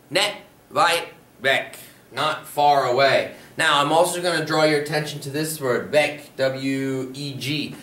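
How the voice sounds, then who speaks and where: A man's voice: a little high, bright, forceful tone, recorded from a distance. Man teaching a language lesson in an echoey room. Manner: slow, careful modeling of phrases. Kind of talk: slide-based language lesson. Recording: echoey room, voice a bit off-mic.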